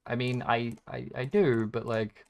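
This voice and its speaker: Guy rambling thru his game commentary, swears a lot, mocks himself, smooth clear voice. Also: mid-range voice, fairly even intonation, a little slow. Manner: rambling, profane, sarcastically self-deprecating. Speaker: gaming content creator. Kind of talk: casual gameplay commentary.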